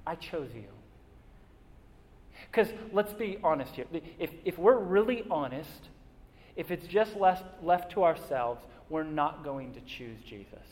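A man's voice: on the high side, lively intonation, measured pace, darkish tone. A man preaching a sermon as a pastor, earnest, posing questions to the congregation and answering them himself. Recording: long reverb of a large hall.

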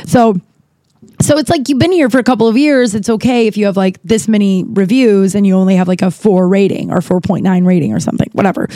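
On her podcast, a woman recounts something from her own life, casual and meandering, with plenty of fillers and false starts, and she's candid with the odd curse. Her voice sits at medium pitch with a slightly mellow quality, and the recording is dry.

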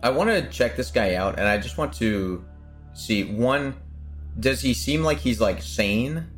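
A man's voice: medium pitch, lively intonation, a little slow, faint music behind. A man playing in a tabletop role-playing game, asking rambling, joking questions in casual chat. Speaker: player.

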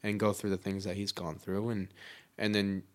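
A man's voice: sits low, flat delivery, normal speed. A man talking candidly in a casual podcast chat, swearing freely and filling his talk with likes and you-knows.

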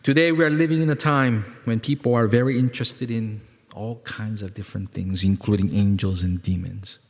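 A male pastor preaching a sermon, emphatic and repetitive, swinging from loud peaks to quiet lows and calling on the congregation to respond. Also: fairly even intonation, brisk. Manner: repeats words for emphasis, asks congregation to respond. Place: church sanctuary. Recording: long hall reverb.

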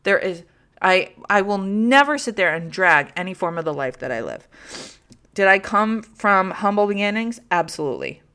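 A woman's voice: medium pitch, big pitch swings, moderate pace, pushed and bright, clean tone. A woman hosting a podcast, telling stories in a casual, rambling chat with lots of fillers and swearing, candid and self-deprecating. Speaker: podcast host.

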